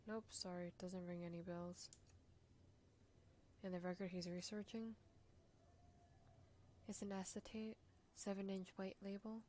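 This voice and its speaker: A man's voice: sits high, little pitch movement, measured pace, long pauses, darkish tone, slight background noise. A woman streamer voicing a middle-aged male French biker who runs a record shop, speaking in a casual, teasing way with a French accent, in a story game.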